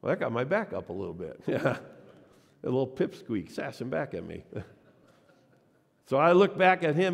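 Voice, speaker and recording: A man's voice: medium pitch, sing-song, moderate pace, gravelly, pauses often. A man preaching a sermon as a pastor, telling a personal story and acting out the voices of the people in it. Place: church sanctuary. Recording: long church reverb.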